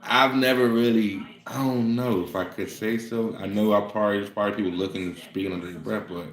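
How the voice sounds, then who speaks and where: A man's voice: lowish voice, steady tone, brisk. A man in a casual monologue, ranting in a profane, fired-up way. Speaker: vlogger. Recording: roomy echo.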